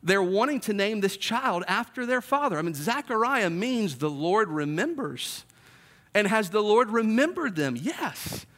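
A man's voice: sits high, big pitch swings, a little slow, fairly bright tone. A man in his thirties preaching a sermon in a conversational way, acting out the voices he quotes. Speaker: pastor.

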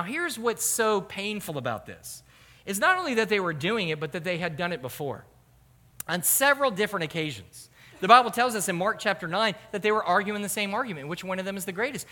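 A man preaching a sermon as pastor, animated and rhetorical. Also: high voice. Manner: animated, rhetorical, acts out quoted voices. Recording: hall reverb.

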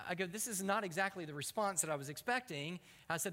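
A man preaching a sermon as pastor, telling stories with lively acted-out prayers and frequent stammered restarts. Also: high voice, rapid-fire, few pauses. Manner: animated storytelling with acted-out prayers and repeated stammers. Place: church sanctuary. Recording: long hall reverb.

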